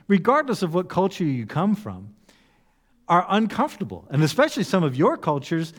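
A man preaching a sermon in an animated way, now and then acting out voices with humor. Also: fairly high pitch. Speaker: pastor. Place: church hall. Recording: long echo of a church hall.

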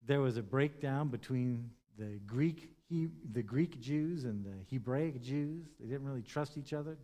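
A man preaching a sermon as pastor, moving from loud, stressed points to quiet, hushed lines and acting out the words of scripture figures. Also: medium pitch, unhurried. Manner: impassioned, swings between loud emphasis and hushed tones.

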